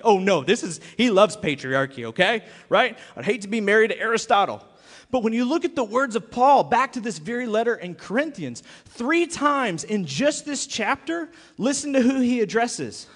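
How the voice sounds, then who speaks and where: A man preaching a sermon as pastor, lively and joking, with frequent rhetorical questions. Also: high voice, normal speed, in a large hall.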